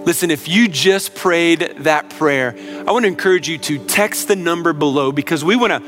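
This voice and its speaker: Earnest high-voiced male pastor. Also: normal speed, a bit bright, faint music behind. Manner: earnest, repeats "now listen", asks rhetorical questions. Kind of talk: sermon.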